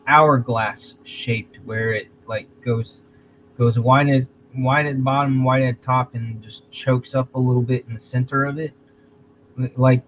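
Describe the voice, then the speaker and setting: A man hosting a casual livestream, talking in a rambling, halting way, restarting phrases and clearing his throat. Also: mid-range voice, muffled recording, a little hiss or hum. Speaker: livestream host.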